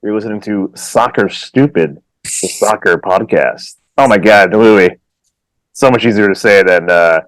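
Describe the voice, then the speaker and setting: A man with kids co-hosting a casual soccer podcast, animated and laughing often as he tells stories and slips into silly voices. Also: lowish voice, normal speed, no echo. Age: adult with children. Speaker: podcast co-host. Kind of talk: casual chat.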